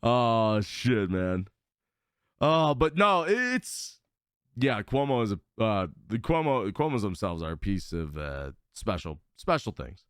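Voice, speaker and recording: A man's voice: fairly low pitch, sing-song, slow pace, a bit bright, smooth, no room sound, clean studio sound. A man co-hosting a casual podcast chat, joking around and often stumbling and repeating words. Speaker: podcast co-host.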